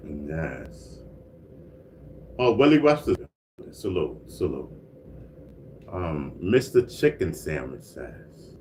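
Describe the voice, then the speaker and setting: Deep-voiced laid-back man on a livestream. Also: big pitch swings, a little slow, slight background noise. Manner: laid-back, repeats "you know what I mean", frequent laughs and coughs. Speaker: livestream host. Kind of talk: casual livestream chat reading out viewer comments. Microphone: single mic livestream.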